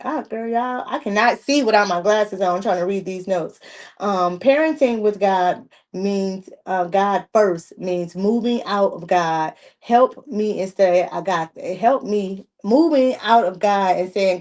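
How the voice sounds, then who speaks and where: A middle-aged woman gives a casual, animated devotional talk on a livestream, with many fillers and restarts. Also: medium pitch, measured pace. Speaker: ministry leader giving a parenting talk. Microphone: livestream mic.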